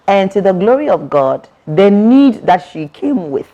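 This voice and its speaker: A woman's voice: medium pitch, very animated, unhurried, dark tone, muffled recording. A woman, an author, giving an emphatic, preacherly testimony in an interview and repeating words for effect. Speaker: author and guest.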